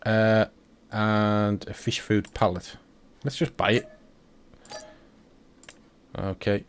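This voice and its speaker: Low-voiced man chatting through a game. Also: little pitch movement, slow pace, a little hiss or hum. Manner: chatty, thinking aloud to himself. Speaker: game commentator. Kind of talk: casual let's-play commentary.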